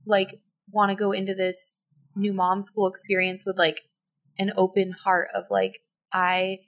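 A woman's voice: mid-range voice, little pitch movement, a little slow. Chatty woman host, says like a lot, voice jumps way up when she quotes herself. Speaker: podcast host. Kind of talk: conversational interview.

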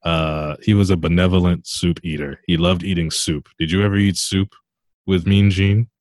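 Deadpan male host, low voice, dry close sound, asks earnest questions. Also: moderate pace, no echo. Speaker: interviewer host.

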